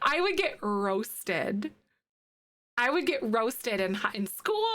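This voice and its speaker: Her voice sits a little high and sounds a bit bright, with lively intonation and a measured pace, against slight background noise. A Midwestern-accented woman from northern Wisconsin, she builds on a live stream and chats casually with her audience, laughing frequently.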